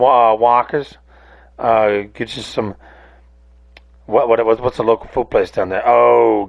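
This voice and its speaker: A man with a drawl rants casually as a podcast host, swearing freely and wandering between thoughts. His mid-pitched voice has a gravelly, creaky edge. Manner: rambling, profane, self-interrupting. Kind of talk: casual solo rant.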